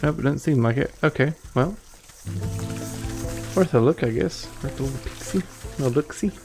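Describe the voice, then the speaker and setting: A man's voice: medium pitch, expressive, normal speed, over music. Wry, mumbling man playing a game. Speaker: gaming video creator. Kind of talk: casual let's-play commentary.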